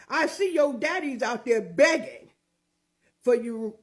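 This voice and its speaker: Older woman, opinion show host, sassy and mocking, slow drawn-out delivery, high bouncy voice. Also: sing-song. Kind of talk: opinionated commentary.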